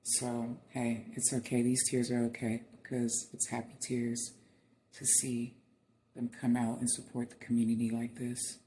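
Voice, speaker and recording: A man's voice: mid-range voice, monotone, unhurried, warm tone, a little hiss or hum. A man hosting a reaction video, speaking heartfelt to viewers as friends and easily moved to tears. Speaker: channel host. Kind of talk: reaction commentary on video clips.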